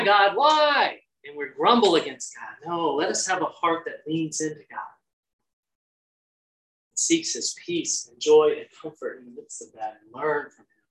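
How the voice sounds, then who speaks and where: A man's voice: a little high, a bit bright, poor audio. A man preaching a devotional sermon in an earnest, prayerful way, acting out quoted lines with lifted energy.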